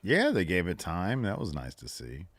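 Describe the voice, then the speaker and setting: A man's voice: low voice, huge pitch swings, moderate pace, fairly bright tone, no echo. A man co-hosting a podcast, recapping a show in casual chat and animatedly acting out what people said. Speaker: podcast co-host.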